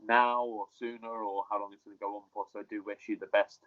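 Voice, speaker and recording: A man's voice: on the low side, fast. Laid-back man on a lo-fi call. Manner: relaxed, swears casually, repeats himself. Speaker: MMA fighter guest. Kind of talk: casual interview chat.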